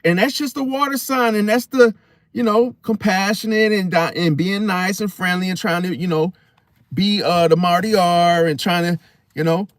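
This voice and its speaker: A man's voice: sits high, moderate pace, dry recording, studio quality. A man telling a story to his viewers in a casual vlog, slangy and profane, talking straight to them. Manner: animated, slangy and profane, addresses viewers directly. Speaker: astrology vlogger.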